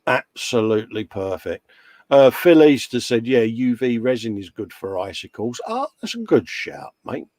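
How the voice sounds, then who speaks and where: A man's voice: medium pitch, sing-song, moderate pace, a little mellow, no room sound. A man co-hosting a casual livestream chat, bantering and calling people mate. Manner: chatty, banters and yawns, calls everyone mate. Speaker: livestream co-host.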